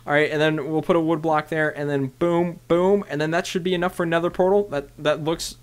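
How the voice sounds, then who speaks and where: A young man casually narrating his own game play to viewers, chatty and bursting into loud excited shouts. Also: fairly high pitch, brisk, smooth. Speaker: gaming video host. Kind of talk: casual Minecraft let's play commentary.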